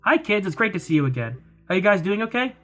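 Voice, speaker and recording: A woman voicing a cheerful, energetic teenage girl adventurer, over faint game music. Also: medium pitch, fast. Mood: upbeat.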